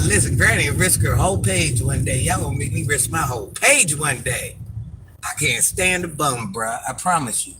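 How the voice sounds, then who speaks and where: An older woman tears into a commenter in a live rant, sassy and scolding. She drags out her insults and repeats them for emphasis. Music plays clearly behind her voice. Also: low voice. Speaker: social media personality.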